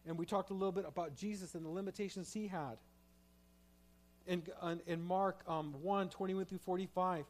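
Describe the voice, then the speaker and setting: Man, pastor, sermon, higher-pitched, impassioned. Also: steady tone, moderate pace. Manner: shifts from quiet reflective to loud impassioned pleading.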